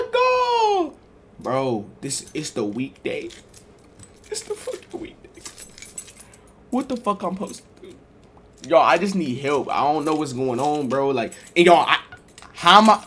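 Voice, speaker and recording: A young man streaming from his bedroom, telling a story to his chat in a slangy, profane and animated way, often breaking into loud exclaims. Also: medium pitch, a little hiss or hum. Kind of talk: casual live-stream storytelling. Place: bedroom at home.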